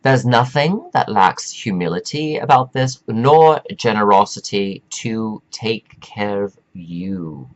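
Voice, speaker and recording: A man with a lowish voice delivers a rambling spiritual pep talk straight to his viewers. He drags out key phrases for weight and wanders off on tangents. The sound is dull and lo-fi. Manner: meandering and preachy, drawn-out emphatic phrases. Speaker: self-help speaker.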